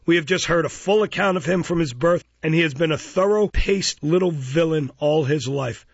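A man voicing a kind-hearted old gentleman who speaks sternly and commandingly in a storybook reading. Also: fairly high pitch, moderate pace, breathy edge, dry recording, muffled recording, pitched above the performer's own voice.

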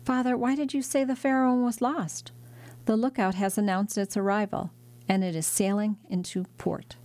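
A woman's voice: medium pitch, fairly even intonation, moderate pace, darkish tone, no echo, voice pushed up, natural voice. A woman reading an audiobook, voicing an eager young son bursting in with news.

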